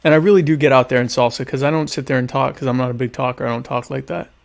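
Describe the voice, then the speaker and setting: A young adult man hosting a podcast, answering listener questions in a deadpan, ironic, rambling way while eating dinner. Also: medium pitch, racing, vocal fry. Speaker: podcast host. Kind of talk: casual solo chat answering listener questions.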